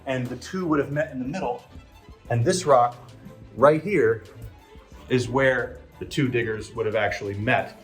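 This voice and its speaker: Man, casual tour commentary, average pitch, echoey stone passage, loud music underneath. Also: a little slow. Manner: chatty, explains as he walks, with fillers. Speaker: travel vlogger and tour guide. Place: inside narrow stone passages of a pyramid. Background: background music.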